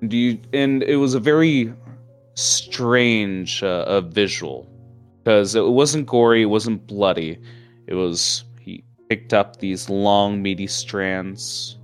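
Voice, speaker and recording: Low-voiced guy running the game, rambling, lots of uh and um, music in the back. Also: slow, smooth. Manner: rambling with fillers and self-corrections. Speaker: game master. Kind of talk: narrating a tabletop game.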